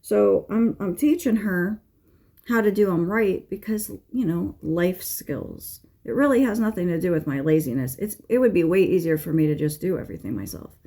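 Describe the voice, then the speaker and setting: A woman's voice: fairly low pitch, expressive, normal speed, vocal fry, dark tone. A middle-aged woman, a tarot reader, chatting casually and venting bluntly, with rambling asides and frequent swearing. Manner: frank, swears freely, exasperated venting; rambling with fillers and restarts. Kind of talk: casual chat.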